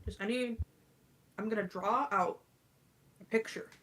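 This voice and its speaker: A woman's voice: medium pitch, measured pace, a bit bright. A woman playing a tabletop game, blunt and joking with her group. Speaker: player.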